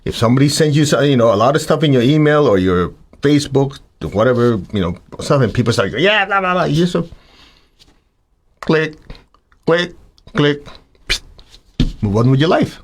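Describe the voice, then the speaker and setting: A man giving a spiritual talk to his students, animated and acting out the voices of students and of himself. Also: mid-range voice, normal speed, long pauses. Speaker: spiritual teacher.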